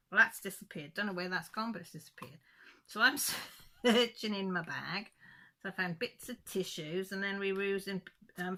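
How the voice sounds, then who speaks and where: A middle-aged woman, a crafting channel host, chatting casually and telling a rambling, animated story full of quoted dialogue. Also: lowish voice.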